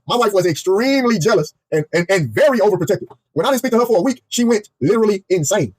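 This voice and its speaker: A young man tears through a comic personal story at breakneck speed, cursing freely and circling back over the same phrases. His voice sits high for a man and has a husky edge. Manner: animated, profane, heavily repetitive. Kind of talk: casual comedic storytime.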